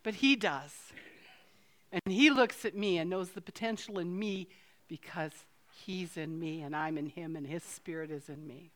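A middle-aged woman pastor preaching a sermon in a church, earnest and conversational with playful asides and slowed-down emphasis. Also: lowish voice, fairly bright tone. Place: church sanctuary, filmed. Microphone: filmed on camera.

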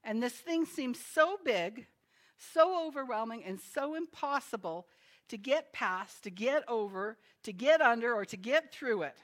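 A woman's voice: fairly high pitch, animated, a little slow. A woman preaching a sermon in a chatty manner, laughing between her remarks. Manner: chatty, laughs often, tells jokes. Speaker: pastor.

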